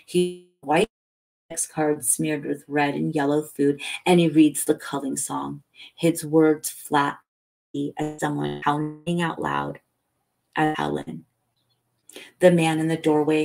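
A woman reads a novel aloud as a late-night bedtime story. Her voice is deep for a woman and slow, with a gravelly edge. She reads softly and without hurry. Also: low-quality recording. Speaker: audiobook reader.

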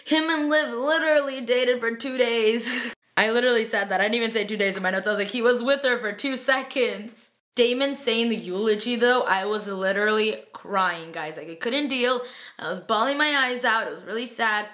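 A woman's voice: a little high, brisk, sharp tone. A young woman chatting through a TV episode recap late at night, gushing and tired, filling her talk with "like" and paraphrased quotes. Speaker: vlogger reviewing a TV episode.

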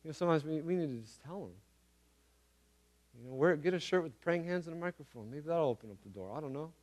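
A man's voice: on the high side, lively intonation, fast, a little mellow. A man preaching a casual, conversational sermon, earnest and repeating phrases for emphasis, with everyday slang. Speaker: pastor.

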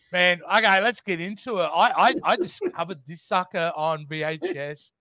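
Middle-aged Australian male co-host, high and animated, playful, dry close sound. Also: unhurried, no room sound. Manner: playful, laughs often. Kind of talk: casual chat.

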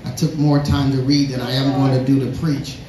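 A man's voice: mid-range voice, little pitch movement, a little fast, a little mellow. A man preaching a sermon in a church. He reads scripture, repeats words for emphasis and calls on the congregation to respond. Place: church sanctuary. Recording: echoey church hall.

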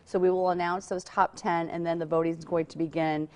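A woman's voice: lowish voice, level tone, fairly quick. A woman, a magazine guest chatting upbeat on a morning TV show and listing events with fillers. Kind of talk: casual morning TV chat.

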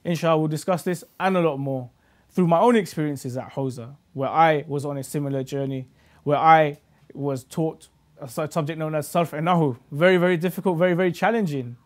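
A man's voice: on the high side, fairly even intonation, fairly quick. A man with a British accent hosting a TV studio show, opening with upbeat greetings and a string of rhetorical questions. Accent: British English. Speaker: host. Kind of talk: TV talk show introduction.

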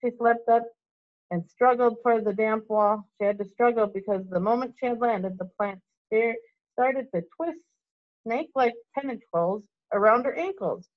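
A woman teacher reading a storybook aloud to children, in a clear, steady way with small slips, in a dull lo-fi recording. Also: a little high, moderate pace.

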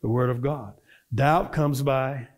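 A male minister preaching to a church congregation in a conversational style, quizzing his listeners with call-and-response questions and building from relaxed storytelling to fervent preaching. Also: mid-range voice, takes it slowly. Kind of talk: conversational sermon. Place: church service before a congregation.

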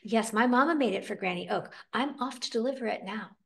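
A woman voicing a sly young male rabbit with high, pleading cries, reading a picture book aloud. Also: brisk, creaky, fairly bright tone.

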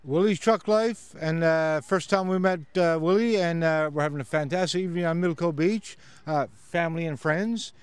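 A man chatting slowly outdoors at a beach, halting with many fillers. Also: a little high, smooth, no room sound. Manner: slow, halting, full of uh. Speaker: campground guest. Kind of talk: casual chat.

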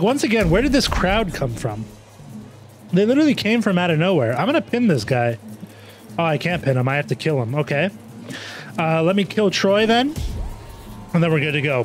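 A man hosting a casual let's-play, joking around and reacting excitedly to the game. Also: fairly high pitch. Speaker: gaming YouTuber host. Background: faint game music.

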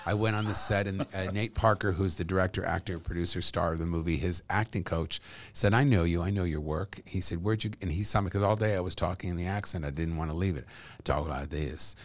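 A middle-aged man chatting as a podcast guest, telling lively stories and laughing as he talks. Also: sits low, fast, slight background noise. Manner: animated storyteller, laughs while talking. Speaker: guest, actor and comedian. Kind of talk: casual podcast chat.

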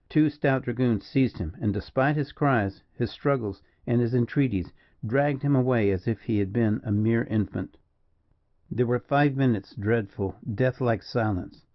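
Male audiobook narrator, measured, dramatic, mid-pitched, slightly dull sound. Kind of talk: scripted narration.

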